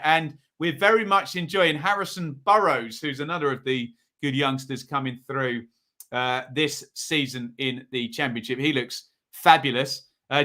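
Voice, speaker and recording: Bright, chatty football host. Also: male voice, fairly high pitch. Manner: chatty, reading viewer comments aloud. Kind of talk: live football preview and predictions.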